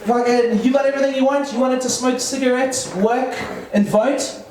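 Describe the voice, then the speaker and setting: A man's voice: very high voice, steady tone, moderate pace, a little mellow, a little hiss or hum. A man in his thirties with a South African accent, performing a rambling stand-up comedy set full of fillers and restarts. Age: 30s. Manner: rambling, self-interrupting delivery with many fillers. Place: comedy club open mic. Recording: echoey room mic from far off with crowd laughter. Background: audience laughter.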